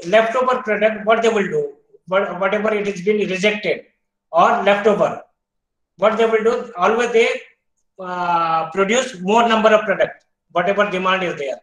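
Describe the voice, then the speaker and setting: A man with an Indian English accent giving an online university lecture, explaining step by step, quizzing students, often pausing with "uh". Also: high voice, fairly bright tone, reverberant, low-quality recording. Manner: explains step by step, asks students questions, frequent "uh" fillers.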